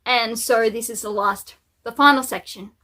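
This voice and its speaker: A woman's voice: fairly high pitch, fairly even intonation, moderate pace, pushed and bright. A woman book vlogger chatting casually and cheerfully about the books she plans to read, with little asides and fillers. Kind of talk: casual chat.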